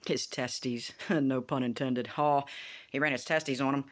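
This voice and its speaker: A woman vlogging in a casual, indignant rant, animated and swearing freely as she retells a TV plot. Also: a bass voice, unhurried. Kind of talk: casual rant about a TV show.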